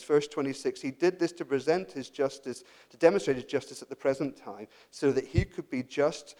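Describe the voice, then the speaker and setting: A man preaching a sermon, swinging from raised, emphatic calls down to hushed, almost whispered phrases, often repeating words as he restarts. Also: fairly high pitch.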